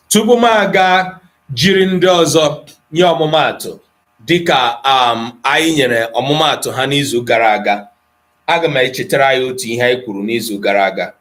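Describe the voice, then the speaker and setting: A man's voice: medium pitch, a bit bright. A man teaching an Igbo grammar lesson to an online class, addressing students by name and moving between English, Igbo and Pidgin. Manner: slow and deliberate, with pauses and repetitions.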